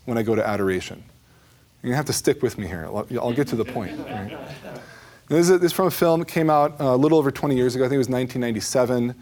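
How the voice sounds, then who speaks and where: A middle-aged man giving a conversational talk on prayer and adoration, with frequent asides to his listeners. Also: mid-range voice. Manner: conversational, animated, with asides like "right?". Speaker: Catholic speaker on the Eucharist.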